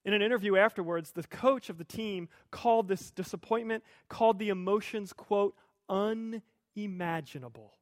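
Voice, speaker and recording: Man, high voice, pastor, conversational sermon, light humor, dry close sound. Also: fairly even intonation, a little fast, few pauses, no echo.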